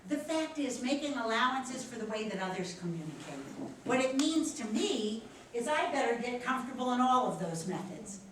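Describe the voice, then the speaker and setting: A woman with a Philadelphia accent teaching a professional etiquette class, animated and encouraging as she talks with her students. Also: a little high, normal speed, recorded from a distance, background noise. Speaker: instructor. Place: large echoey classroom. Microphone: distant room mic. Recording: echoey room recorded from afar.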